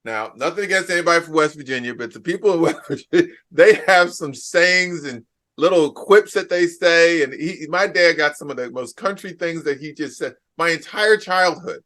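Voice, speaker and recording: Bright, emphatic man hosting a podcast. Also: a little high, normal speed. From New Jersey. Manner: emphatic, repeats phrases for effect. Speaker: podcast host and keynote speaker. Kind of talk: casual interview chat.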